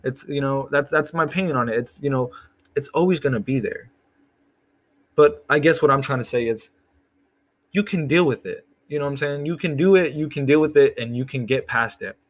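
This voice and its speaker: A young man in a casual, rambling monologue, swearing often and repeating himself as he talks. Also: mid-range voice.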